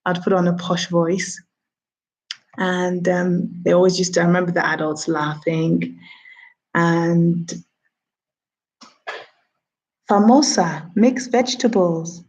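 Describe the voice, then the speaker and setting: A woman's voice: lowish voice, steady tone, slow pace, pauses often, a little mellow, poor audio. A woman in her thirties, a TV producer, chatting casually on a livestream, answering her own questions and greeting viewers. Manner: chatty, talks to herself and viewers.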